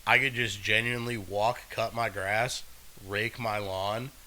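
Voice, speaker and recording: A man's voice: on the low side, fairly even intonation, measured pace, sharp tone, a little hiss or hum, low-quality recording. A man co-hosting a podcast, rambling in a loose, profane, casual way with frequent laughs. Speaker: podcast co-host. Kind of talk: casual chat.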